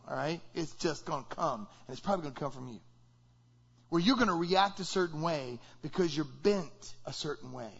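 A man with a fairly high voice preaches a sermon in a conversational way. He keeps asking his listeners questions. The recording sounds a little dull and lo-fi. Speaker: pastor.

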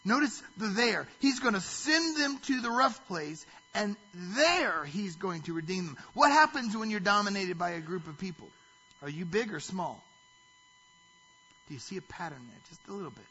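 A man's voice: high-pitched, sharp tone, slightly rough, highs cut off. A man preaching a sermon as pastor, reading scripture aloud and stopping to put rhetorical questions to the listeners.

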